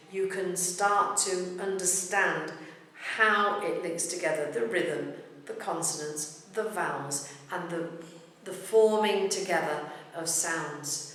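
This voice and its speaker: A woman teaching pronunciation in a patient, measured way, slowing down to demonstrate words. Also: on the low side, a little hiss or hum. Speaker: language teacher. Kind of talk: explanatory lesson. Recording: very echoey room, voice from far off.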